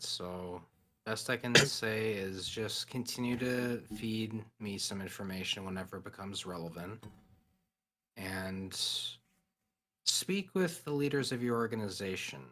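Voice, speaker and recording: A man playing a grave, deep-voiced robot leader. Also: pushed and bright. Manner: measured, formal, diplomatic. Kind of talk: in-character tabletop role-play.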